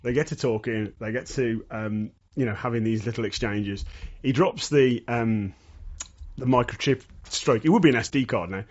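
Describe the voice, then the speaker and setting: A man's voice: medium pitch, normal speed. A man in his forties from the West Midlands with a West Midlands accent, trading wry jokes and enthusiastic asides in a casual podcast chat. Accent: West Midlands English. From West Midlands, England. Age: 40s. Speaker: podcast co-host. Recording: dull lo-fi remote audio.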